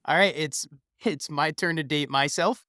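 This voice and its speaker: A man's voice: on the high side, moderate pace, pushed and bright, slight background noise. A young man co-hosting a podcast, affable and easygoing. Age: young adult. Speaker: podcast co-host. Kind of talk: casual news podcast chat.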